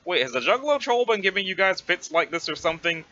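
A man's voice: sits high, big pitch swings, fast, bright, forceful tone, no room sound, lo-fi sound, full character voice. A man voicing a laid-back, sarcastic teenage boy who talks in a casual, ironic drawl. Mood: wry.

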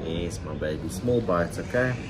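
A man chatting casually on a family outing, relaxed and affectionate with his baby. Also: low-pitched, moderate pace. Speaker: father filming a family vlog. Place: outdoors at a restaurant and animal park. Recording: loud outdoor background noise.

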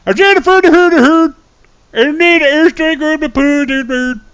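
A man putting on a comic mock-Swedish soldier shouting nonsense over the radio. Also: moderate pace. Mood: babbling, urgent. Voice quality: high, loud, babbling mock accent. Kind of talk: comic impression on a live stream.

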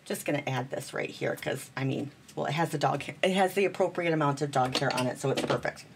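Chatty lower-voiced woman making cards at home. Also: fast, breathy edge. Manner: chatty, bubbly, self-deprecating, talks to viewers as friends. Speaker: card-making host. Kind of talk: casual crafting demonstration.

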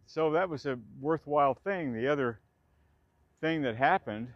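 A man's voice: a little high, expressive, moderate pace, dry recording, dull audio. A man in his sixties chattily recalling his old theater days outdoors in a park, rambling, restarting sentences and laughing often. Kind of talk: casual spoken reminiscence.

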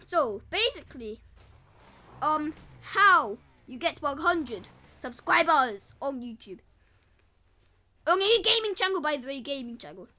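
High, bright, energetic woman vlogger. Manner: energetic, rambling, chatty. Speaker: gaming YouTuber. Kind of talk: casual vlog to camera.

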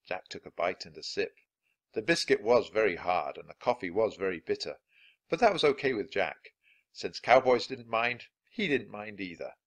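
A man narrating a children's chapter book with clear, expressive delivery. His voice is on the low side but swings widely in pitch. He keeps a steady storyteller's flow. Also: moderate pace. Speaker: storybook reader.

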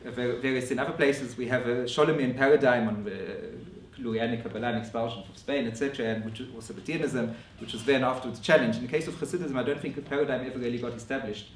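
A man giving a scholarly conference lecture in a measured way, often restarting his phrases. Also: mid-range voice, a little hiss or hum. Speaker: academic lecturer. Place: lecture room. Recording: roomy echo from a distant mic.

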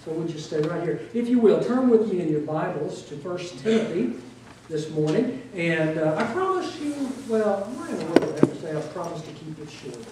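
A man's voice: on the high side, big pitch swings, normal speed, noisy background. A middle-aged man preaching a sermon as pastor, folksy and joking, leaning hard on repeated words. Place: church sanctuary. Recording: echoey church hall, voice from a distance.

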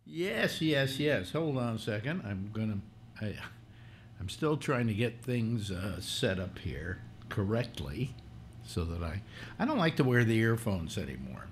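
A man's voice: lowish voice, big pitch swings, unhurried, a little hiss or hum. A man hosting a casual live talk stream, rambling with many restarts and fillers. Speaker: host. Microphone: computer mic through speakers.

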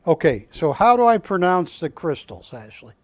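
A man's voice: high-pitched, big pitch swings, moderate pace, dry recording. A man hosting a live shopping channel show, telling rambling stories about the art he sells and correcting himself as he goes. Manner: rambling anecdotal storytelling, self-correcting. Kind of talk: live TV sales presentation. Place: TV studio.

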